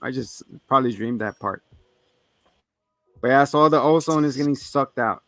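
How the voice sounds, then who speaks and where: A man's voice: mid-range voice, normal speed, fairly bright tone, no echo, faint music behind. A man co-hosting a casual movie review podcast, joking around, laughing often and swearing freely. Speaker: podcast co-host.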